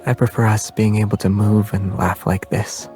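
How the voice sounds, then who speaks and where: An actor playing a calm, gentle young man, with a soft voice and an unhurried, tender way of talking in a game. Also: lowish voice, soft background music, lightly acted. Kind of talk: game voice acting.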